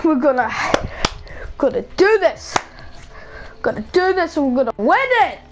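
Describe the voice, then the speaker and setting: A woman hosting her own gaming channel, talking through a match in a high, bright-pitched voice. She drawls slowly between rambling thoughts and flares into excited shouts. A faint noise sits under the recording. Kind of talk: live gameplay commentary.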